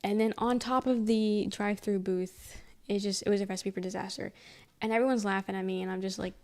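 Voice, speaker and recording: A soft-spoken woman streamer rambling through a story in casual chat, swearing freely. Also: mid-range voice, steady tone, fairly quick.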